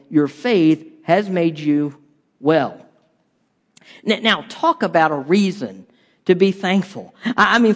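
Male pastor, high voice, chatty sermon with asides, long hall echo. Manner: conversational preaching with repeated rhetorical questions and stumbles.

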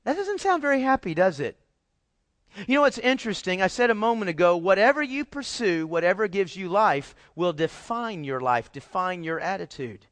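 A man's voice: sits high, expressive, moderate pace, a bit bright, no echo. A middle-aged man preaching a sermon as a pastor, emphatic and full of rhetorical questions to the congregation.

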